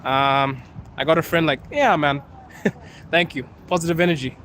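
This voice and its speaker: A young man from Zimbabwe talks on a night street livestream, his English leaning slightly American. His voice sits a little high for a man and keeps breaking into easy laughter. Faint traffic hums behind him. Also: steady tone, normal speed, fairly bright tone. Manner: chatty, laughs often, playful. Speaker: livestream host. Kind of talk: casual livestream chat reading comments. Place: outdoors on a city street at night.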